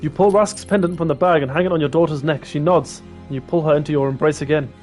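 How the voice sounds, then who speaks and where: A man's voice: a little high, fairly even intonation, fast talker, darkish tone, soft background music. A man streaming a game, reading its text aloud and making casual asides. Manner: casual asides between narration.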